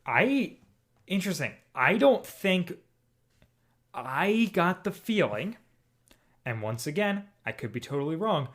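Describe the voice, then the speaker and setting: Male podcast co-host, excitable theorizer, slightly high voice. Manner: animated, theorizing, talks fast in bursts. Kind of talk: casual chat.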